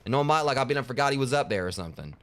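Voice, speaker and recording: Joking male let's player, rambling commentary with a lively, swinging voice. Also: medium pitch, racing. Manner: rambling, joking, lots of fillers. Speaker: gaming channel host. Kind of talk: casual let's play commentary.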